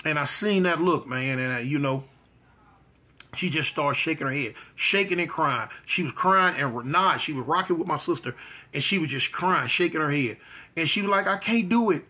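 A man with a fairly high, bright and forceful voice recounts his own past in a loose, conversational way. He circles back on phrases and brings the story to life with his own sound effects. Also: expressive, moderate pace. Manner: vivid storyteller who repeats phrases and mimics gunshots. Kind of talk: personal life story, casual telling.

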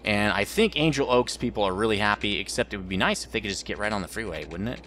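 A man's voice: lowish voice, fast, a bit bright, a little hiss or hum. A man rambling through let's play commentary as the host of a gaming channel, joking about his own mistakes.

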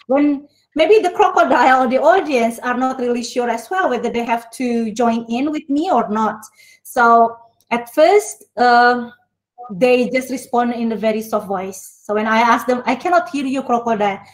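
A woman's voice: fairly high pitch, moderate pace, poor audio. A woman lecturer with an Indonesian accent teaching an online class, mixing English and Indonesian and speaking expressively.

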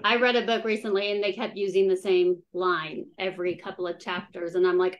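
A woman's voice: mid-range voice, steady tone, a little fast, hardly any pauses, poor audio. A woman author chatting casually on a podcast, laughing often and acting out her own quoted remarks. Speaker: guest author.

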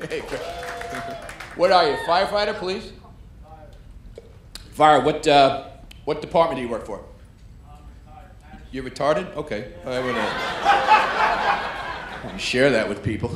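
This is a brash stand-up routine from a New York comedian whose male voice runs a little high. He baits and works the crowd from the club stage, and the recording carries heavy echo and loud audience noise.

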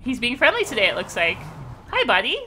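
A woman's voice: a little high, huge pitch swings, a little fast, bright, forceful tone, slight background noise. A young woman, chatting casually and encouragingly as she streams a game. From Canada. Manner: bubbly, encouraging, laughs often. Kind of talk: casual gaming chat.

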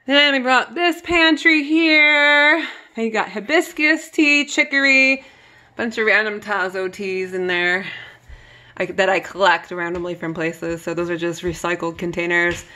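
Chatty woman with a bright voice. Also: lowish voice, steady tone, moderate pace. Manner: chatty, laughs often, talks to viewers as "you guys". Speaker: vlogger giving a kitchen pantry tour. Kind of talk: casual home vlog chat. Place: home kitchen.

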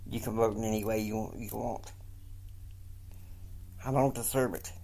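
A man's voice: lowish voice, fairly even intonation, measured pace, vocal fry, warm tone. A man voicing an apologetic, heartsick young son talking to his mother.

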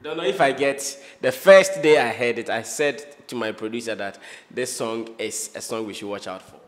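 A man's voice: medium pitch, normal speed, big-room sound. A man with a Ghanaian accent hosting an interview, upbeat and casual, slipping Twi phrases into his English. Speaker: show host.

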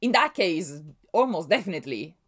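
Woman, casual reaction host, animated pitch, excitable and rambling, laughs easily. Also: moderate pace, slightly rough. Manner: excitable, laughs often, restarts and wonders aloud. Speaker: manga reaction vlogger. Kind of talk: casual thinking-aloud reaction.

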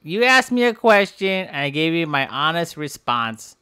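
A woman voicing Bob, a brash, boastful and violent male game character, taunting in slang and shouting when fighting. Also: low voice, big pitch swings, normal speed, smooth, no room sound, studio quality, full character voice. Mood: mocking. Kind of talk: game machinima voice acting.

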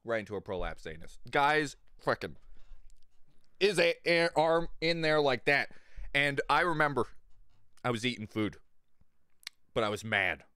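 A man's voice: mid-range voice, expressive, measured pace, long pauses, pushed and bright, smooth, no echo, clean studio sound. A man streaming live, chatting casually with viewers in a crude, rambling way and often laughing. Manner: talks to chat viewers. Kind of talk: casual livestream chat.

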